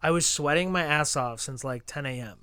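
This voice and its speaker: A man with a slightly high voice chats on a podcast in a relaxed, casual way and drops in easy slang. The sound is dry and close to the mic. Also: fairly quick, clear, resonant tone, no echo.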